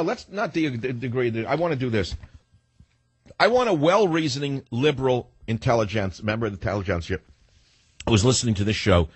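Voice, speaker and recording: Male talk radio host, combative and sarcastic, lowish husky voice. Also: dry recording. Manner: sarcastic, rhetorical questions, rapid-fire.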